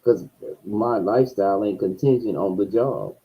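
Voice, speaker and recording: Man, low voice, husky, profane casual rant, swings low to loud, muffled stream sound. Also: normal speed.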